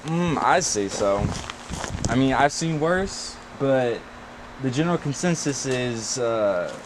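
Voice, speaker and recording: A man's voice: mid-range voice, expressive, slow, noisy background. A man playing a rambling young party guy. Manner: rambling, profane, slangy, many fillers. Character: young male party-goer, rambling storyteller. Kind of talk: casual film dialogue.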